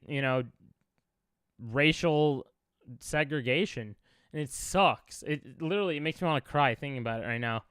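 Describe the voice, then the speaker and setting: A man's voice: on the high side, fairly bright tone, clean tone, no room sound, studio quality. A young man from Chicago, a streamer reacting to clips, talking in an emotional, rambling way with many fillers.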